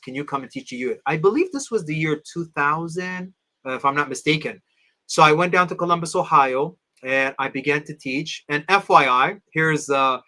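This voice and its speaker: A middle-aged man, an Orthodox priest, telling a personal story in an interview, acting out the people he quotes. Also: fairly high pitch. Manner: animated storyteller, acts out quoted voices.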